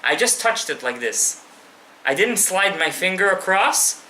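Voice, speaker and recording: Male rabbi teaching a live class, impassioned and direct, bright tone, swinging pitch, echoey room. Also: very animated, a little slow, a little hiss or hum. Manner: impassioned, addresses listeners directly, mixes in Hebrew terms. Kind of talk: live Torah class to an audience.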